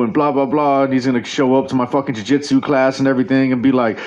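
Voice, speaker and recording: Guy host rambling and cussing nonstop, mid pitch, dull lo-fi audio. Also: steady tone, fast, hardly any pauses, darkish tone. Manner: rambling, swears constantly, many restarts. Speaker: radio show host. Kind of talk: casual profane monologue. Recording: dull lo-fi recording.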